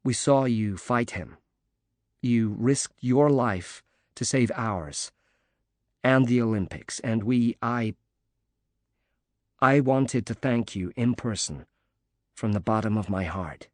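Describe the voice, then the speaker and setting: A male narrator voicing a grateful widowed father recovering from injury, speaking softly and haltingly. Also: medium pitch, dry recording, clean studio sound, natural voice. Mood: moved, grateful. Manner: soft, halting, moved.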